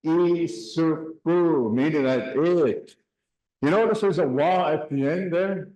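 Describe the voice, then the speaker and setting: A man teaching a classroom language lesson. He speaks slowly, drills words and has the class repeat them. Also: on the high side, warm tone, echoey room, low-quality recording. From Canada.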